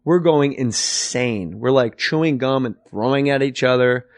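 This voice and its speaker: A middle-aged man hosting a podcast, telling comic stories in an animated way and acting out other people's voices. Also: mid-range voice, a little slow, dry recording, studio quality. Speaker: podcast host. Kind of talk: comic storytelling.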